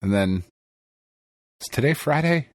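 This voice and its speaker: A man's voice: medium pitch, measured pace, no echo. A man, co-hosting a podcast, telling a story in casual chat with lots of swearing and laughter. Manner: profane, animated storytelling with laughter. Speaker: podcast co-host.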